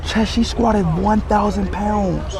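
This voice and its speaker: A young man livestreaming on a busy street, loudly incredulous and firing repeated questions. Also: high-pitched, fairly even intonation, slow pace, a crowd in the background. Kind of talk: excited street livestream chat.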